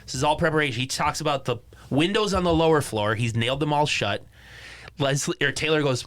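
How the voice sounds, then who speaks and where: A man co-hosting a casual movie podcast, retelling scenes with lively acted-out lines. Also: on the high side, fast talker. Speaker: podcast co-host.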